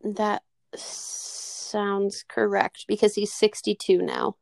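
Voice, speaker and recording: A woman co-hosting a podcast in casual chat, animated and swearing freely, often acting out scenes. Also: mid-range voice, slow, vocal fry, no echo, studio quality. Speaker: podcast co-host.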